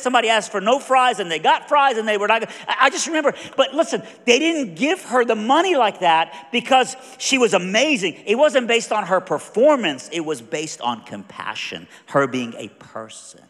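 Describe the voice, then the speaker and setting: A man with a high voice tells a story from the pulpit, acting out each character as he goes. He drops to a hush and then builds to loud bursts. His voice rings through a large hall with a long reverb. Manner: animated storyteller, acts out voices, swings from hushed to loud. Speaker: preacher. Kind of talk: storytelling sermon.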